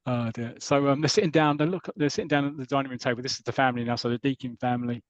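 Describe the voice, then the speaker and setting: A man's voice: medium pitch, fairly even intonation, rapid-fire, no room sound, lo-fi sound. Chatty man retelling a comic plot. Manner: rambling, retells plot with quoted voices and laughs. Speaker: podcast co-host. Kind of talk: casual chat retelling a comic story.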